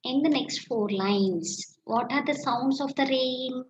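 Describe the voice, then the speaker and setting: A woman teacher with an Indian English accent, slowly dictating answers in a class lesson and repeating phrases as she writes. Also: sits high. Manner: slow, repeats phrases while writing answers. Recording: echoey room, dull lo-fi sound, faint noise.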